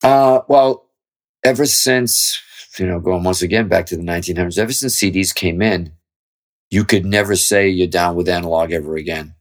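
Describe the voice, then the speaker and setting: In a relaxed interview, a middle-aged guest guitarist speaks at normal speed in a very deep, low voice. He's open and long-winded, cursing freely as he thinks things through during casual conversation.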